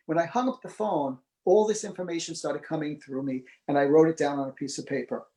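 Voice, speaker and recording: Male interview guest, slightly high voice, lively storyteller who acts out the people he quotes. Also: a little fast, poor audio. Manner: animated, acts out quoted dialogue. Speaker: psychic medium guest.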